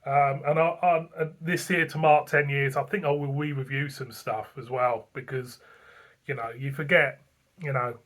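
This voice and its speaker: A man's voice: mid-range voice, steady tone, normal speed, fairly bright tone. A man, hosting a beer review channel, tells a rambling, chatty story full of fillers and repeated phrases. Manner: rambling, repeats himself, frequent fillers and chuckles. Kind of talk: casual anniversary vlog storytelling.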